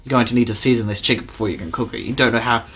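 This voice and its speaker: A man reads a game's story aloud at a middle pitch, slipping in jokes and asides as he goes. His delivery is playful. Faint game music plays underneath. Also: very fast, a bit bright. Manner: joking, reading game text aloud. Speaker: let's player.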